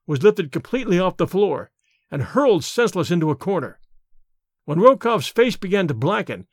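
A man narrating an audiobook in a steady, even storytelling manner. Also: sits high, dry recording, clean studio sound. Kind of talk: scripted narration.

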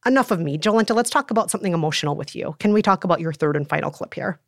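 A woman's voice: on the low side, animated, racing, gravelly, no room sound, studio quality. A woman co-hosting a podcast in casual chat, emotional and laughing often. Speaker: podcast co-host.

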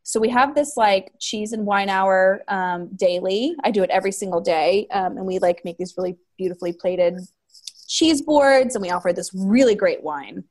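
A bubbly woman in her thirties tells her stories in a lively, chatty way, with a voice of ordinary height for a woman. She fills her talk with "like". Her delivery is animated and warm with enthusiasm. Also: medium pitch, moderate pace. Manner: bubbly, lively storyteller, frequent "like". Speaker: guest, cheese shop owner. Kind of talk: casual chat.

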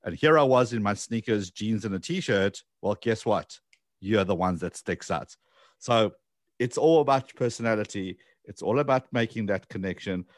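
A man with a low voice hosts a conversational interview. The recording is dry and close, with no room sound. He agrees readily with his guest and brings in stories from his own experience. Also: expressive, normal speed, no room sound. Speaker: interview host.

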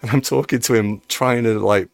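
A man in his forties, a musician guest, chatting in a relaxed way. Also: fairly low pitch, normal speed, vocal fry, no room sound. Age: 40s. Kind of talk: casual chat.

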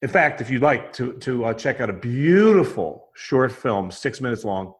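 Animated and medium-pitched, a man explains a mindset technique at a moderate pace, conversational yet emphatic. He keeps quoting his own inner voice, repeats points, restarts frequently, and checks in by asking "right?"

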